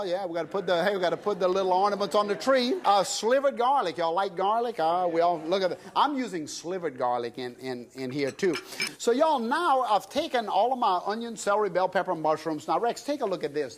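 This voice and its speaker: Folksy south louisiana chef, high voice. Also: male voice. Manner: folksy, chatty, addresses audience as y'all. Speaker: TV cooking show chef. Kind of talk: cooking demonstration.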